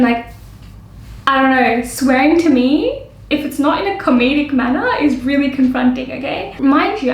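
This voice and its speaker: A young woman vlogging as a makeup artist, telling a story in an animated way and acting out both sides with lots of "like". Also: high-pitched, roomy sound, low-quality recording. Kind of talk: storytime vlog.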